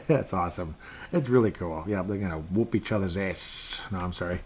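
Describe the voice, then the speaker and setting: A man's voice: deep voice, normal speed, a little hiss or hum. A man hosting a casual solo sports podcast, rambling and chatty as he reads fan posts aloud. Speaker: podcast host.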